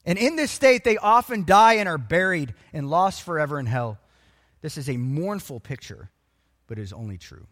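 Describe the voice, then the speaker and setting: A man preaching a sermon, emphatic and animated, quoting scripture. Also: a little high, normal speed, long reverb tail. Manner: animated and emphatic, acts out voices of people.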